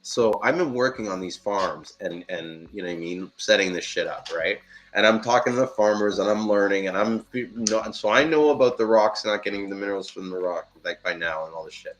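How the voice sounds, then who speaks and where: A man in casual live-stream chat, telling a story in an animated, profane way and laughing often. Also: lowish voice, fairly quick.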